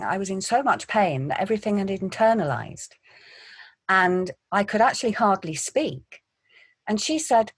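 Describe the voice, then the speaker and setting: A woman, an actor, telling stories in a quiet, measured way in an interview. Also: medium pitch, expressive, breathy edge, dry recording. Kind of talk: interview answers.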